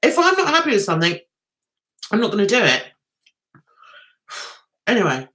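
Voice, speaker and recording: Animated, chatty London woman. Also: mid-range voice, normal speed. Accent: London with a touch of Essex. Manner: chatty, sarcastic, teasing. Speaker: livestream host. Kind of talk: casual live chat with viewers.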